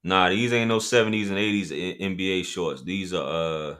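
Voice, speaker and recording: A man's voice: sits low, normal speed, fairly bright tone, smooth. A man hosting a casual livestream, joking and bantering with viewers in loose, slangy talk. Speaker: livestream host.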